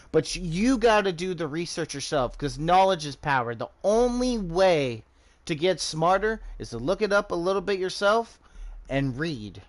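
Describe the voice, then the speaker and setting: Gaming on a livestream, this US-born American man rambles casually, his voice slightly high. Profanity is constant, and he frequently restarts what he's saying.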